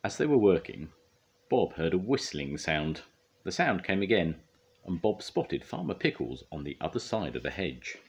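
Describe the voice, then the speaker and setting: Expressive older man reading a storybook. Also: deep voice, moderate pace, slightly rough. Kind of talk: reading a children's storybook aloud.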